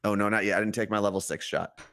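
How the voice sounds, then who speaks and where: A man's voice: lowish voice, fast talker. A middle-aged man from New Jersey with a New Jersey accent, co-hosting a casual podcast chat and acting out quotes as he tells stories. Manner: animated storytelling, acts out quotes. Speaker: podcast co-host.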